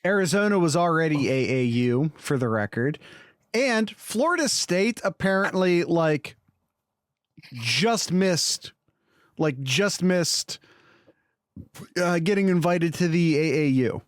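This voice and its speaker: High-pitched guy on a sports podcast, opinionated, dry close sound. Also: slow pace, no room sound. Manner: animated, opinionated, talks in bursts with restarts. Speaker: podcast co-host. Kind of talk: casual sports podcast talk.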